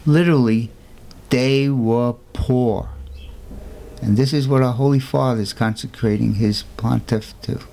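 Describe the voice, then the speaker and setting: A man's voice: medium pitch, fairly even intonation, a little slow, gravelly, mellow, slight background noise. Emphatic man telling a story. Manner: emphatic, with rhetorical questions. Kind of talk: storytelling on a talk show.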